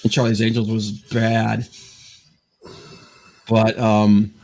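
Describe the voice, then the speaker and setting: A man's voice: fairly low pitch, monotone, slow pace, gravelly, darkish tone. A man hosting a podcast in casual chat, rambling and stammering through lots of fillers. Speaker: podcast host.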